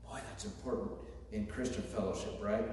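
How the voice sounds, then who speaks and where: A man preaching a sermon in a relaxed, conversational way, slipping in light jokes. His voice rings out in a long, booming reverb from a big hall. He sits well back from the microphone, with a faint hiss under the sound. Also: brisk. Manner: conversational, with joking asides. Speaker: pastor. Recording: very echoey hall, distant mic, faint noise.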